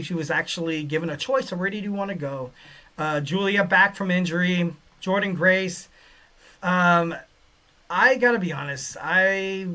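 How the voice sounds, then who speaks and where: A man hosting a casual solo podcast, rambling with lots of fillers and getting excitable. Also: high-pitched. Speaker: podcast host.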